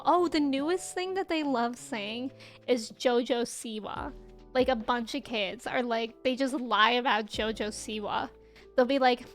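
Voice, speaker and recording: A woman's voice: fairly high pitch, moderate pace, faint music behind. A young woman in her twenties streaming a game, chatting casually with viewers and laughing often. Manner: chatty, laughs often, reads chat aloud. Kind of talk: casual chat while gaming.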